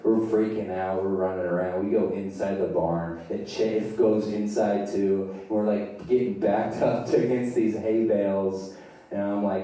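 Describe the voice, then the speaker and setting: A young man spins a wild story on a theater stage, loose and profane, chuckling along. His voice is low and mellow. The recording sounds distant, with a heavy room echo. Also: fairly even intonation, a little slow. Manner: loose, swearing, laughing at his own story. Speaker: stand-up comedian. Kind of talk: live stand-up storytelling. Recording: echoey theater from far off.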